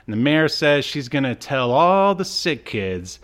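A man's voice: fairly high pitch, big pitch swings, a little slow, fairly bright tone. Male podcast co-host, clean resonant voice, amused storyteller who acts out the lines. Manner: laughs while retelling, acts out character lines. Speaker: podcast co-host recapping an episode. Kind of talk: casual chat.

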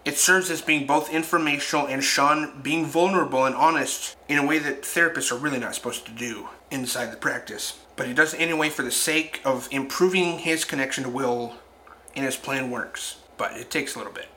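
Bright-voiced man reviewing a film. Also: medium pitch, slight background noise. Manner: reflective, retelling scenes with quick asides. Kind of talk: casual film review narration.

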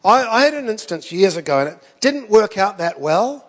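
A man's voice: high voice, big pitch swings, moderate pace, in a large hall. A man preaching a sermon, telling stories in a conversational way with self-deprecating asides. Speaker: pastor.

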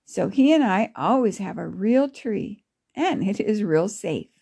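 A woman voicing a kindly grandmother who talks in a gentle, encouraging way. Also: mid-range voice, expressive, a little slow, vocal fry, husky, exaggerated voice. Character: kindly, warm-hearted grandmother.

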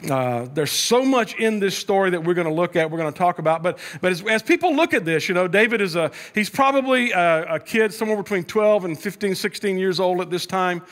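A man's voice: sits high, animated, a little fast, hardly any pauses, fairly bright tone. A man pastor preaching a sermon in a conversational way, with frequent restarts and mounting emphasis as he tells the story.

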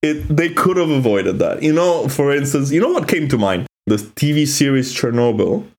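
A man's voice: medium pitch, very animated, normal speed, a little mellow. A man from Italy with an Italian accent, a native Italian speaker co-hosting a podcast in casual, opinionated chat. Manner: chatty, opinionated, frequent "like" fillers. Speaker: podcast co-host.

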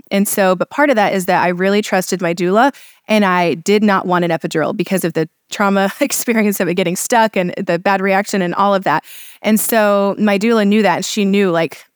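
A woman's voice: medium pitch, clean tone, no echo, clean studio sound. A woman in her thirties, a podcast guest, telling her birth story in an earnest, emotional way with many fillers.

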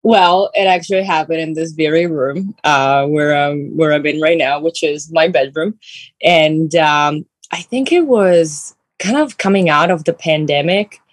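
A woman's voice: low-pitched, measured pace, no room sound. A woman from Italy with an Italian accent, speaking as a guest over a phone video call from her bedroom, breezy and a little sassy. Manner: breezy, sassy, many fillers. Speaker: guest actress. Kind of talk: casual interview chat.

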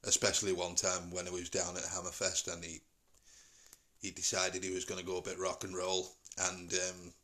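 Deep-voiced man rambling. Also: completely flat delivery, sharp tone. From St Helens, England. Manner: rambling, halting, with many fillers. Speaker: podcast host. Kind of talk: casual chat.

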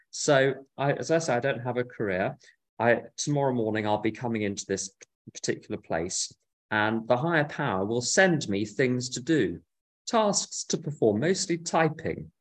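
Wry, reflective man in his fifties. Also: mid-range voice. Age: 50s. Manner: wry, reflective, with dry humorous asides. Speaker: recovery meeting speaker. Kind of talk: personal talk sharing his experience. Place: office.

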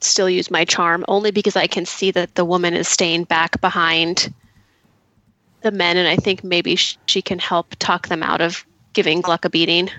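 A woman's voice: lowish voice, flat delivery, moderate pace, bright, forceful tone, dry recording, muffled recording. Woman, tabletop player, hesitant, restarts, dry sound. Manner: hesitant, laughing often. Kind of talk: tabletop role-play talk.

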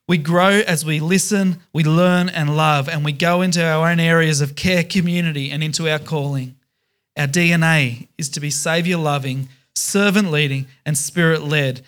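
A man's voice: fairly high pitch, steady tone, normal speed, a bit bright, clean tone. A man preaching a sermon as pastor, emphatic, stressing words in repeated lists.

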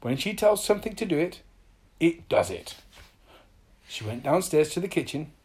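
A woman's voice: low voice, big pitch swings, normal speed, darkish tone, husky. A woman reading a children's story aloud in a playful, sing-song way.

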